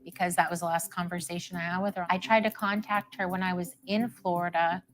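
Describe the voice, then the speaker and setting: A woman's voice: on the low side, flat delivery, fairly quick, rough recording. A woman interviewed as the mother of a missing daughter, telling her story plainly and acting out the dialogue she quotes. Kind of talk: emotional recounting in an interview.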